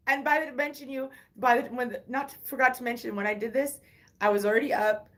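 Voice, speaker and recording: A woman's voice: a little high, fairly quick, fairly bright tone. A woman in her thirties telling a personal story on a casual livestream, candid and rambling, full of swearing and restarts. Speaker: livestream host.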